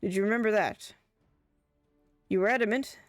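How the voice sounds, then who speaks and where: A woman voicing an earnest male scholar with an Irish accent, reading game dialogue in a measured, formal way. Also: medium pitch, no echo, studio quality, soft background music, natural voice. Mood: probing.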